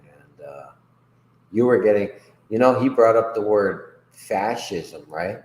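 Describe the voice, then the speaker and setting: A man's voice: lowish voice, expressive, takes it slowly, darkish tone, echoey room, low-quality recording. A man hosting a casual livestream chat, rambling and profane, laughing often between remarks. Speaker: host.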